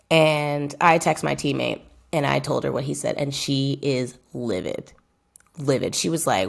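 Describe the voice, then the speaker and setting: Low, gravelly young woman telling a story. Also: a little slow. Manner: emphatic, repeats phrases for effect; addresses viewers directly and chattily. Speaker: footballer vlogging about her career. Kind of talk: casual storytelling vlog.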